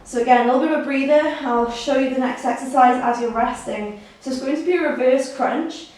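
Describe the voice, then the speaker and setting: A woman's voice: sits high, a little fast, a little mellow. A woman fitness instructor guiding a core workout, counting reps aloud and encouraging the listener. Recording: echoey room, mic at a distance.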